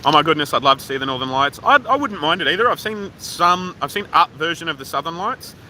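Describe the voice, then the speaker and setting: A man's voice: fairly high pitch, lively intonation, fast, bright, forceful tone, slight background noise, poor audio. An Australian man livestreaming outdoors from his phone, rambling casually and swearing freely while reading viewer comments. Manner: rambling, profane, offhand. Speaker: livestream host. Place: outdoors at a waterfall park.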